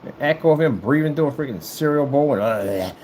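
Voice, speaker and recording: A man rambling casually to the camera as he works, animated and joking, often jumping into a high falsetto. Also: fast talker, slight background noise, poor audio. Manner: animated, jumps into high falsetto sing-song and joking voices. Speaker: vlogger. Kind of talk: casual rambling monologue while working.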